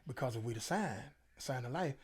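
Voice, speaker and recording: A man's voice: medium pitch, expressive, brisk, slightly rough. A middle-aged man, a featured interview guest, telling stories in a casual, emphatic, preachy way. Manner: preachy, emphatic, Southern Black vernacular.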